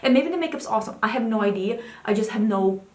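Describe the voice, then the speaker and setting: A woman's voice: expressive, fast talker, reverberant. A woman beauty vlogger talking casually and candidly about new makeup releases. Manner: chatty, candid, talks to her cat in a high baby voice. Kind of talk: casual chat.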